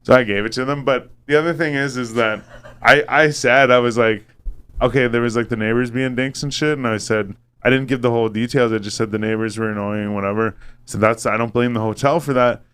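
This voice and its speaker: A man's voice: medium pitch, a little fast, clean tone. Profane man telling a story. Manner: profane, animated, acts out quoted voices. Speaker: podcast host. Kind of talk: casual storytelling chat.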